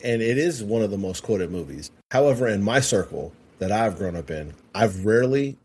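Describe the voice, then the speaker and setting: A man with a very deep, slightly husky voice, weighing his opinions slowly in a relaxed podcast chat. He talks deliberately. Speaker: podcast co-host. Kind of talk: casual movie podcast chat.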